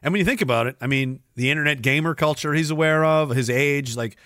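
A man's voice: fairly high pitch, fast talker, fairly bright tone, no room sound, clean studio sound. A man hosting a livestream podcast, ranting sarcastically with a lot of swearing and frequent laughs. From Canada. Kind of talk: profane ranting chat with viewers.

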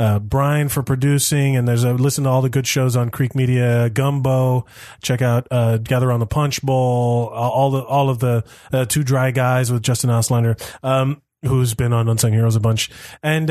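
A young man hosts a podcast at a mid-range pitch. He chats excitably, stammers through repeated words and swears casually. His voice is recorded close and dry. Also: moderate pace, dry recording. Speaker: podcast host. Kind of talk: casual chat.

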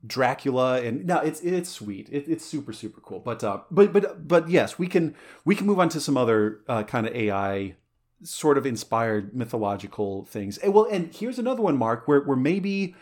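With a sing-song, slightly mellow medium-pitched voice at normal speed, a podcast host chats casually. He's enthusiastic and rambling, stumbling through many fillers and restarts.

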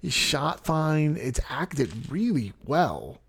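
Male podcast co-host, gravelly voice, wry film opinions. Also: a little high, sing-song, takes it slowly. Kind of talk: casual movie review chat.

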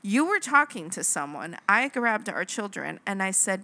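A woman co-hosting a casual chat podcast, telling stories in an animated, laughing way. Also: mid-range voice, normal speed, no echo. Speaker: podcast co-host.

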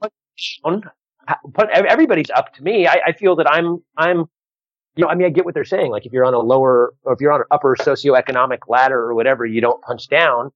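A man's voice: medium pitch, fast, dry recording, dull audio. A man who does stand-up comedy, chatting casually and telling a story with lots of restarts and voiced quotes.

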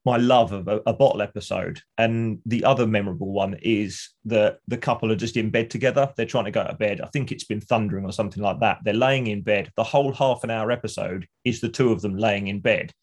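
Brisk and barely pausing, a man with a lowish voice co-hosts a podcast, casually chatting and excitedly acting out scenes from TV.

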